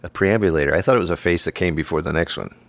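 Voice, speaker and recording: A man's voice: low-pitched, rapid-fire, gravelly, very noisy. A man hosting a comedy podcast, trading playful jokes and teasing in casual banter. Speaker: podcast host.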